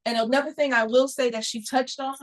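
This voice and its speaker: Woman calmly breaking down trading rules. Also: high-pitched, brisk, poor audio. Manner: explanatory, breaks ideas into steps. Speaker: trading instructor. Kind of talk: casual teaching talk.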